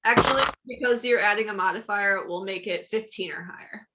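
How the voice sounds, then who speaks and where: A woman running a tabletop game as game master, narrating in a relaxed, amused way with lots of fillers. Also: mid-range voice, brisk, muffled recording, heavy background noise.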